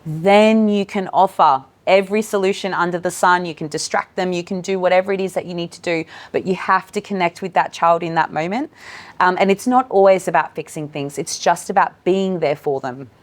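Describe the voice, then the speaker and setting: A woman's voice: lowish voice, brisk. A woman presenting a live training workshop for educators, speaking in an encouraging way to people in the room and online. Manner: warm, encouraging, addresses room and online audience. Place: meeting room with in-person and online attendees.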